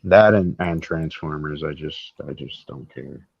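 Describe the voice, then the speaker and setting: A man's voice: rumbling low, measured pace, gravelly, breathy edge, dry recording, highs cut off. A man co-hosting a casual chat, speaking hesitantly and repeating words. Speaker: podcast co-host.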